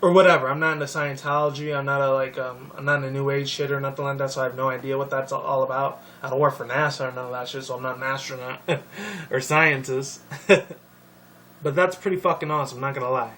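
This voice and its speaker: A young man rambling casually about a video game series, swearing often and filling pauses with ums and likes. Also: mid-range voice, steady tone, sharp tone. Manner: profane, rambling, many fillers. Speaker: video commentator. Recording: distant mic with faint noise.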